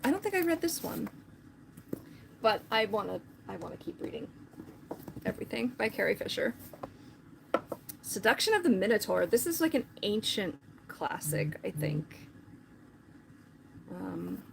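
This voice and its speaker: A woman's voice: mid-range voice, very animated, unhurried, creaky, pauses often, noisy background. A woman chatting casually on a live stream, rambling with lots of filler words.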